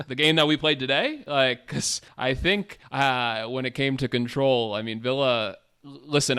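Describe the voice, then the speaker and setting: A man co-hosting a sports podcast, talking casually and haltingly, questioning a point. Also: mid-range voice, fairly bright tone, clean tone. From United States. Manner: halting, questioning, restarts often. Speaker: podcast co-host.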